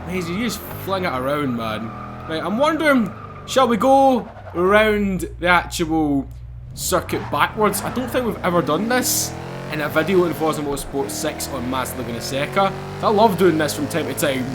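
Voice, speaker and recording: A man giving excitable, laughing gameplay commentary as he drives in a racing game. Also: on the high side, moderate pace, music in the background. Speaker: gaming YouTuber.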